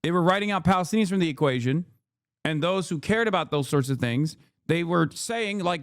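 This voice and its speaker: An American man in his thirties rants heatedly as a political streamer, swearing often and repeating his points. His voice sits high. The sound is dry and close. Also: animated, fairly quick, fairly bright tone, no room sound. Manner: heated, profane, repetitive ranting. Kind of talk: ranting commentary.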